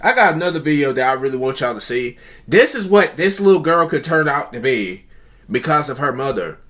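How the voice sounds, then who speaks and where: A young man hosting a reaction video, talking casually in an animated, mocking way as he comments on clips. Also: a little high.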